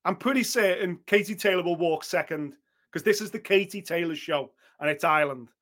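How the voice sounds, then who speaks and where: A man's voice: sits high, a little fast, fairly bright tone. A man giving blunt, opinionated boxing talk on a podcast, swearing freely and acting out what others might say. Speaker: boxing pundit.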